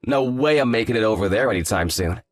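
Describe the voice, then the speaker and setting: A man plays a smug, dismissive fiancé, young, arrogant, and hungover, for a scripted story drama, drawling with lazy sarcasm and condescension. He talks fast in a natural, medium-pitched voice with lively intonation. The clean studio recording has no room sound and faint music behind it.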